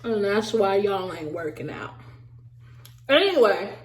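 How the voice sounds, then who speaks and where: A woman giving a casual, animated recap of a reality show, talking straight to her viewers with a sassy edge. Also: medium pitch, takes it slowly, roomy sound. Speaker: recap vlogger.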